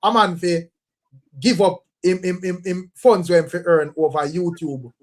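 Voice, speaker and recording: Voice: medium pitch, fairly even intonation, measured pace. A host with a Jamaican accent, asking long, winding questions in casual talk and agreeing with frequent "right".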